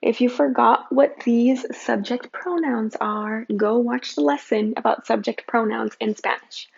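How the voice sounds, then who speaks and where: A woman teaching a Spanish grammar lesson, upbeat and patient, repeating examples slowly. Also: fairly high pitch, vocal fry, darkish tone, slightly rough. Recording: slightly dull lo-fi sound.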